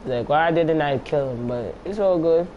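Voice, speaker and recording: A man's voice: a little high, moderate pace, highs cut off, slight background noise. A young man giving casual, slangy, profane commentary as he plays a video game, talking to himself between moves. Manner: slangy, profane, talks to himself while playing. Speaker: gameplay commentator.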